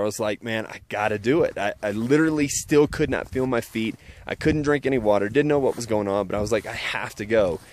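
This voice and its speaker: A man telling an emotional story outdoors on a mountain summit, earnest and halting, often repeating himself. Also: fairly low pitch, darkish tone, a little hiss or hum. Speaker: vlogger.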